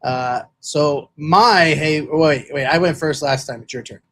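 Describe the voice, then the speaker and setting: A man's voice: on the high side, a little slow, fairly bright tone. A man co-hosting a football podcast, talking in casual chat with lots of fillers and restarts. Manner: rambling, many fillers and restarts. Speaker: podcast co-host.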